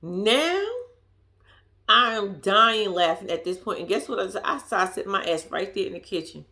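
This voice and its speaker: A woman's voice: mid-range voice, animated, moderate pace, sharp tone. A woman vlogger telling a story to her viewers in casual chat, swearing freely and laughing at herself.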